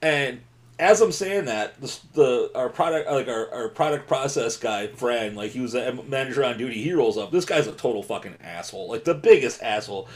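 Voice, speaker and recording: Male podcast co-host, swears freely, tells stories with a lively, rising and falling delivery. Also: medium pitch, moderate pace. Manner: profane, animated storyteller. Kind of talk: casual group chat, storytelling. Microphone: remote video call.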